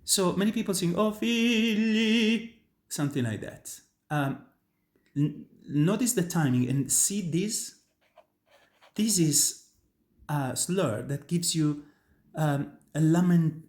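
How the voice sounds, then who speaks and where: Italian-accented tenor giving a singing lesson. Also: male voice, fairly high pitch, expressive, slow pace, a little mellow. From Italy. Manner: earnest, emphatic teaching with frequent restarts. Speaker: opera tenor and voice teacher. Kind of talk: instructional talk on singing.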